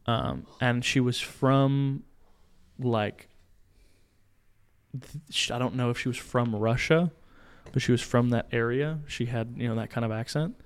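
A young man, a podcast co-host, casually telling a story in a small home studio, animated, acting out voices and laughing. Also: medium pitch, measured pace, clean tone. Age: young adult.

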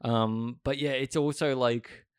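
A man chatting casually about films, animated and often laughing through his words. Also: medium pitch, unhurried, clear, resonant tone, dry recording, clean studio sound. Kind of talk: casual chat.

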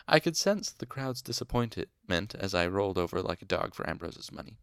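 Low gravelly guy narrating a novel, dry close sound, wry tone. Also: big pitch swings, a little fast, few pauses, no room sound. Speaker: audiobook reader. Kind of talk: first-person novel narration.

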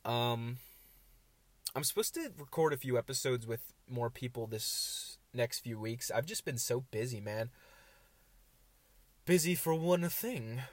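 A man's voice: mid-range voice, a little slow, dry recording. A man in his twenties hosting a casual solo podcast from inside his parked car, rambling and self-deprecating, sounding nasal as he comes down with a cold. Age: 20s. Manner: rambling, self-deprecating, swings between glum and jokey. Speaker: podcast host.

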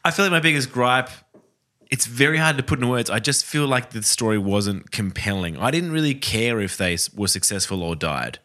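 A man's voice: mid-range voice, expressive, moderate pace, bright, forceful tone. A man co-hosting a casual film podcast, bluntly giving his criticism of a movie. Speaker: podcast co-host.

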